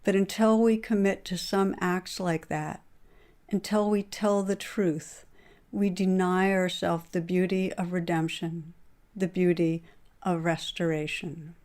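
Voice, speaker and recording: A woman meditation teacher giving a dharma talk, telling a story in a gentle, measured way and closing with calm meditation instructions. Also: on the low side.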